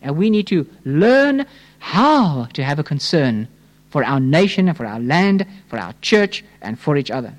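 A man's voice: big pitch swings, unhurried. Impassioned preacher, man. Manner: impassioned, swings between hushed low tones and fervent raised pleas; addresses listeners as friends, rhetorical questions. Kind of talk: sermon.

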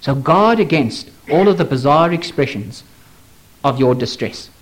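A man preaching a sermon, earnest and pleading, asking the listener questions directly and slowing down for emphasis. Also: expressive. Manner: earnest, pleading, dramatic swings in pitch and pace.

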